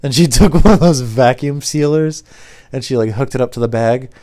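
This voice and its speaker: A young man telling rambling stories to camera in a deadpan, casual way. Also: medium pitch, moderate pace. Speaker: former pizza delivery driver telling stories.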